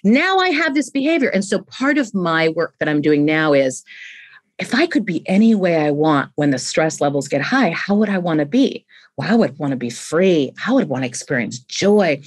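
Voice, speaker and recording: A woman in her fifties, a guest on a podcast, talking about leadership in an animated way and often restarting with repeated words. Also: low voice, normal speed. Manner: animated, acts out quoted voices, repeats words when starting a thought. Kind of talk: conversational interview.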